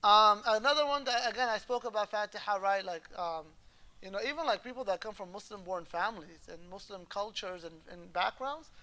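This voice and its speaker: A man teaching Islamic law in a relaxed classroom lecture, his voice bright and forward. He explains step by step, drops in Arabic terms and checks that the students follow. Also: high-pitched, brisk. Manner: explains patiently, often checks the class understands; moves easily between English and Arabic terms.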